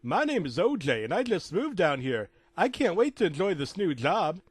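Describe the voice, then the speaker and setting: A man's voice: high voice, very animated, normal speed, breathy edge, dry recording, pitched above the performer's own voice, full character voice. A man voicing an eager, polite male orange juice carton who talks in a chipper, raised voice.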